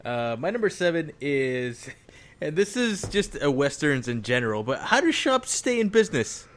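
Animated, jokey man on a podcast. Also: a little high, moderate pace. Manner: animated, jokey, laughs a lot. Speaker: podcast co-host. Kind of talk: casual movie podcast chat.

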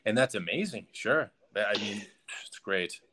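A man's voice: lowish voice, expressive, moderate pace, pushed and bright, slight background noise. Rambling man telling a story. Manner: rambling, frequent restarts and "like". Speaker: podcast guest. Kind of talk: casual conversational storytelling.

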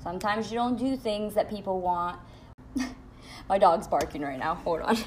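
A young woman telling a storytime vlog at home in a blunt, profane, animated way. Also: medium pitch, measured pace, a little hiss or hum. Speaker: vlogger. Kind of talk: storytime monologue.

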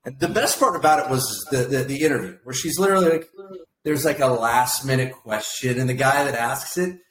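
A man's voice: medium pitch, fairly quick, fairly bright tone. A man co-hosting a podcast, chatting casually and animatedly, laughing and mimicking others. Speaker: podcast co-host. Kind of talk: casual political chat. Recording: echoey room with faint noise.

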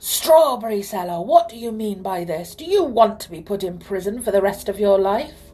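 A woman voicing a greedy, bad-tempered male king who speaks loudly and indignantly. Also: on the low side, expressive, a little slow, a little hiss or hum. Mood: alarmed. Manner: loud, blustering, indignant.

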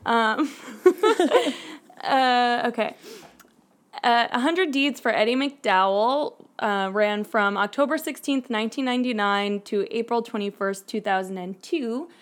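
Young woman, podcast co-host, high-ish voice, chatty, giggly, self-mocking, filler-heavy. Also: unhurried. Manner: chatty and self-mocking, laughs often, many ums. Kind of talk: casual chat, reading show summaries.

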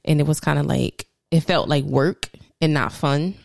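A young woman from New Jersey with a Jersey accent, co-hosting a casual chat and laughing often with relaxed slang. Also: low-pitched, normal speed, creaky, no room sound, clean studio sound. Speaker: podcast co-host.

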